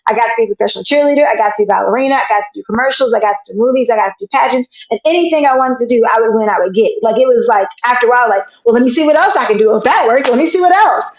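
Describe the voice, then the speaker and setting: Quick, high-voiced woman in an echoey room. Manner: animated storyteller, acts out voices in her tale. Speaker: guest. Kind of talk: casual chat. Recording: echoey, dull lo-fi sound.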